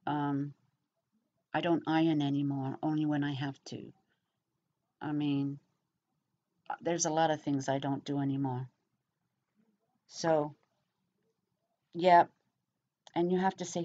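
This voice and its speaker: This vlogger is a middle-aged woman from England whose low, slightly mellow voice holds a steady tone at a measured pace, broken by long pauses. Speaking with an English accent, she talks to camera in a relaxed, rambling way full of fillers, and the audio is dull and lo-fi.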